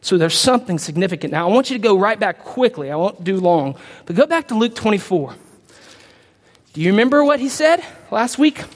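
High-voiced pastor preaching in a reverberant hall. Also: male voice, sing-song, fairly quick. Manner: emphatic preaching with call-and-response questions. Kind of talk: sermon.

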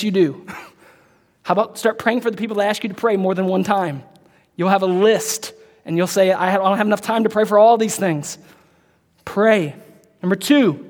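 A man preaching a sermon as pastor, emphatic and repetitive, swinging from loud, drawn-out lines to hushed, close asides. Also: sits high. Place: church. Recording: church hall with long reverb.

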